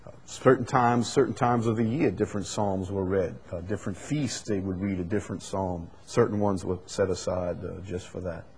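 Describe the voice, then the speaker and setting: A man preaching a Bible study sermon. He builds to loud, emphatic repetition and then drops back to quiet explaining. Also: sits low, steady tone, moderate pace, husky.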